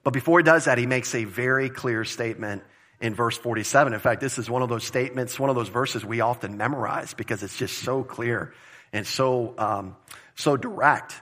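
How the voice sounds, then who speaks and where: Bright-voiced man preaching with emphasis. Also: mid-range voice, normal speed. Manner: conversational, emphatic, repeats phrases for stress. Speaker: pastor. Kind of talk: expository sermon.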